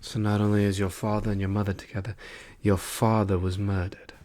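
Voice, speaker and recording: A man voicing a male trickster god turned weary file clerk, in soft, wry whispered role-play. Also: on the low side, little pitch movement, fairly quick, lightly acted. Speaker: ASMR performer.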